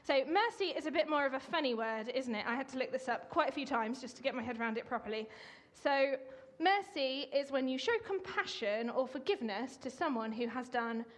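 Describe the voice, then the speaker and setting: A woman's voice: high-pitched, animated, fairly quick. A woman giving a chatty, upbeat sermon in a church, directing volunteers at the front. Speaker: church speaker. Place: church hall.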